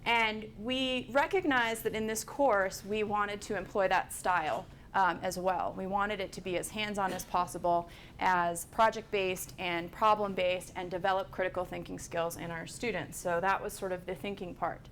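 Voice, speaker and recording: A woman presenting at a conference workshop, speaking in a measured way with frequent hesitations. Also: mid-range voice, steady tone, fairly bright tone, a little hiss or hum. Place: conference room.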